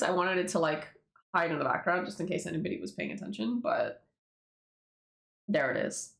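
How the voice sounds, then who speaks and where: A woman with a lowish voice rambles through loose, swear-filled commentary on her own comic. Her pitch swings widely as she talks. The sound carries the echo of an untreated room. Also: a little fast, gravelly, long pauses. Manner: rambling, swears freely, lively and laughing. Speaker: webtoon creator reading her own comic. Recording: echoey room.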